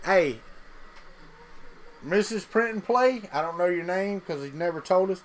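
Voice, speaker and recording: A man's voice: high-pitched, measured pace, low-quality recording. A man with a Southern US accent, hosting a casual livestream and chatting folksily with viewers as he reads their comments. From Mississippi. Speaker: livestream host.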